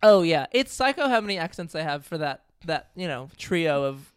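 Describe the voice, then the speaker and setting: A man from New Zealand chats on a podcast with a smooth, clear voice. He jokes wryly and swears now and then. The microphone is close and dry. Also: a little high, sing-song, normal speed, no room sound. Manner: joking, wry, swears casually. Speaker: podcast co-host. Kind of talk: casual chat. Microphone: studio podcast microphone.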